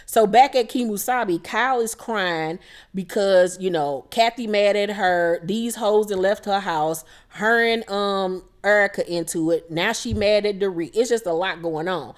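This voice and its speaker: Blunt, profane woman recapping reality TV. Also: medium pitch. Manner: blunt, profane, quotes cast members in quick impressions. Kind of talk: casual recap commentary.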